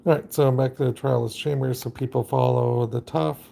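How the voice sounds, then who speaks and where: Gravelly dark-voiced guy rambling along on a live game stream, lots of uhs. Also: medium pitch, fairly even intonation, moderate pace. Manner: rambling, chatty, full of fillers. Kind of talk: casual live-stream commentary.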